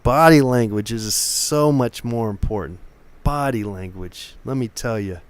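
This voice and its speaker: Hosting a live painting stream, a man from Oakland, California chats casually in a smooth, unhurried mid-range voice with no room sound. He's had a few drinks, so he rambles and stumbles over his words.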